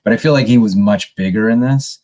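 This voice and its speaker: A man's voice: lowish voice, brisk. Rambling man chatting about a film. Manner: rambling, restarts often, animated when retelling scenes. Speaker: podcast co-host. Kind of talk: casual movie review chat.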